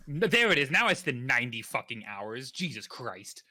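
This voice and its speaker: A man's voice: mid-range voice, very animated, normal speed, bright, forceful tone. A man co-hosting a casual music podcast, reacting with exasperated exclamations and many questions. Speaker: podcast co-host. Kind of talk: casual chat.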